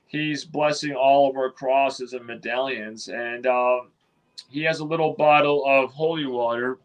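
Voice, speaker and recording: A man's voice: medium pitch, fairly even intonation, a little slow, rough recording. Man telling a long rambling story. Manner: rambling, many restarts, quotes others in his own voice. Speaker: interview guest. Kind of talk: storytelling in a casual interview.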